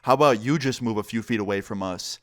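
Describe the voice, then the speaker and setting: A man's voice: on the low side, fast, a bit bright, close to an everyday voice. Man putting on a hostile young guy in a fursuit, curt and dismissive.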